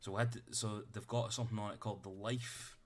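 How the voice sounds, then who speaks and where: This tabletop game master's voice sits on the low side, with flat delivery and a fast pace. Recorded through a streaming setup, he rambles out of character and swears without restraint.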